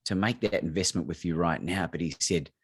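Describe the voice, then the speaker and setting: A man's voice: low-pitched, brisk, slightly rough, no room sound, studio quality. An Australian man, a courage coach, telling a story and acting out both sides of his phone calls. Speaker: guest speaker, courage coach. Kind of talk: storytelling talk on a video call.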